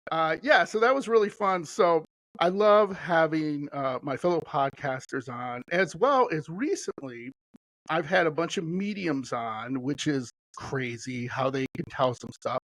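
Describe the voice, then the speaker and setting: A man's voice: on the high side, lively intonation, a little slow, fairly bright tone, no echo, poor audio. A middle-aged man as a podcast guest, chatting casually in a rambling, enthusiastic way with lots of fillers. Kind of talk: casual chat.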